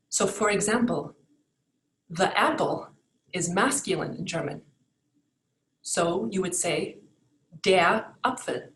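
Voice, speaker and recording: A woman with a fairly low voice gives a recorded language lesson. She explains patiently and slows down to model each example word clearly. The room around her is noticeably echoey. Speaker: German language teacher. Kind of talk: recorded online lesson with slides.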